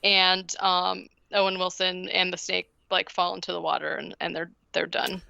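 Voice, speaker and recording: A woman's voice: on the low side, flat delivery, moderate pace, creaky, pushed and bright, clear, resonant tone, no echo, dull audio. A woman co-hosting a podcast, casually recapping a movie in a rambling way, full of fillers and giggles. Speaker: podcast co-host.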